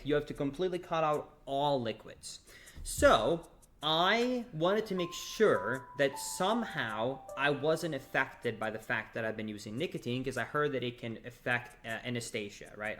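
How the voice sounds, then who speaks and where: Young male streamer, casual animated storyteller, mid pitch, faint music under. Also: normal speed. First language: not English. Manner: animated, quotes others in acted voices.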